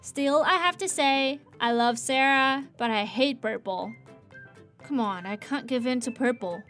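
A woman hosting a casual English lesson, playful and animated, modeling sentences slowly and repeating them. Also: high voice, soft background music. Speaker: English teacher.

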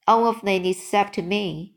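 A woman's voice: mid-range voice, steady tone, unhurried, vocal fry. A woman reading the part of a big friendly male giant from a storybook, speaking in jumbled grammar and made-up words. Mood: muddled. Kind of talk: read-aloud storybook.

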